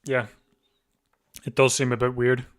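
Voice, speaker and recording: A live stream host, a man, chats casually through a bike race watch-along, restarting often, yawning and sleepy. His mid-range voice is monotone, and he's chatty, thinks aloud with restarts, and laughs easily.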